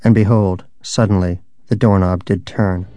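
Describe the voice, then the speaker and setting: Male narrator, fairly low voice, dry and wry reading, faint music under him. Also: fairly even intonation, normal speed, warm tone, dry recording. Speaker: storyteller. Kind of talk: scripted narration.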